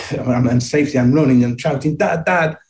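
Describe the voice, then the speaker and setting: A middle-aged man reflectively tells personal childhood stories, often chuckling and restarting sentences. His voice is medium-pitched and warm, fairly quick, with fairly even intonation.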